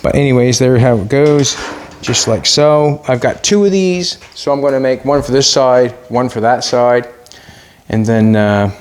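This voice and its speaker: In a clear, resonant mid-range voice at a measured pace, a middle-aged man hosts his casual workshop vlog. He's a car builder who chats freely and talks to himself as he works.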